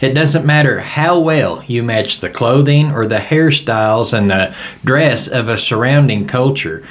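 Southern US man, Bible study teacher, relaxed folksy delivery, medium voice. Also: mid-range voice, measured pace. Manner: folksy storytelling, conversational.

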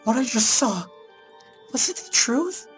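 A man's voice: very high voice, big pitch swings, measured pace, fairly bright tone, soft background music, full character voice. A man voicing a frightened young girl in a horror game, asking trembling, pleading questions. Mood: scared.

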